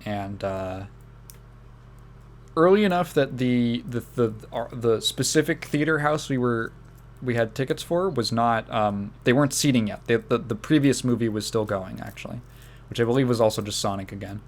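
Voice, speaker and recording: A man's voice: mid-range voice, moderate pace. A young man hosting a podcast, telling a story casually with restarts and fillers. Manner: rambling with many restarts and laughs. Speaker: podcast host.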